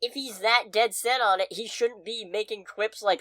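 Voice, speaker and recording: A woman co-hosting a podcast, reviewing a movie in casual chat, expressive and swearing freely. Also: mid-range voice, normal speed. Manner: expressive, swears freely, loud outbursts of frustration. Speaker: podcast co-host.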